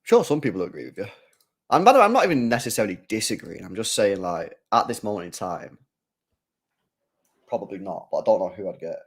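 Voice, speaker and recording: A man hosting a live football watchalong, chatting casually, reading viewer comments and getting loud when play heats up. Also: on the low side, quick pace, slightly rough. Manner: chatty, swings from mumbling to excited shouting. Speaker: live stream host.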